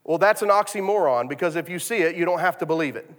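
Guy giving a sermon, kinda high voice, long echo like a big hall, stumbles and repeats a lot. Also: expressive, quick pace, a bit bright. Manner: storytelling, repeats words, many restarts. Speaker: pastor.

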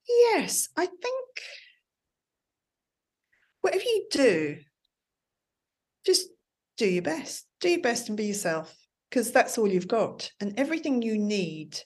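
A woman's voice: mid-range voice, very animated, slow, long pauses, darkish tone. A woman, a former TV producer, chatting as an interview guest and telling stories with acted-out quotes. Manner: chatty storyteller, acts out quotes. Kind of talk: conversational interview.

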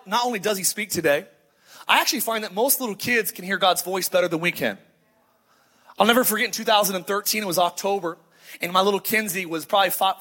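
High, bright-voiced storytelling pastor. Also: male voice, husky. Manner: conversational storytelling, acts out quoted voices. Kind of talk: sermon. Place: church sanctuary before a congregation. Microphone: handheld microphone.

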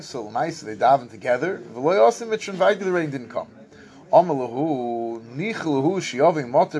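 A man giving a Talmud lesson, reading Aramaic passages and translating them in a sing-song study cadence with halting restarts. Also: a little high, creaky, a little mellow. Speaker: Talmud teacher.

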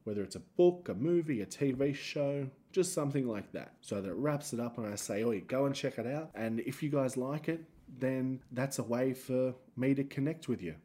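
A man's voice: medium pitch, normal speed, few pauses, mellow. An Australian man hosting a solo podcast, rambling and self-mocking as he tells stories. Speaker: podcast host and comedian.

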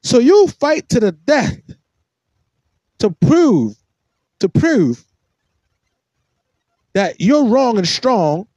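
A man's voice: very animated, very slow, pauses often, warm tone, dry recording, highs cut off. A man hosting a podcast, giving mocking, sarcastic reaction commentary on a clip. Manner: mocking, sarcastic, swings between shrill and low.

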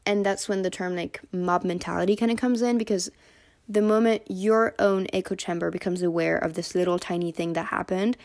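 A young woman hosting a solo podcast, chatting casually with lots of fillers and animated quoting of others. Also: lowish voice, fairly quick. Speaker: podcast host.

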